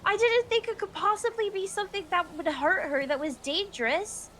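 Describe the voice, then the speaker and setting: Actress as a high-pitched young woman in a role-play game: scattered, rambling, quick to apologize, salty mouth. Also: fairly bright tone, a little hiss or hum, low-quality recording. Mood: flustered. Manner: rambling, apologetic, swears a lot.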